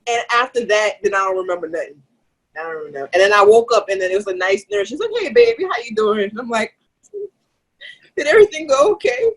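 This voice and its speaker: Young woman, husky, expressive delivery; frank, profane podcast storyteller. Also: mid-range voice, fast talker, poor audio. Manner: swears freely, many "like" fillers. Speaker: podcast co-host. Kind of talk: candid storytelling chat.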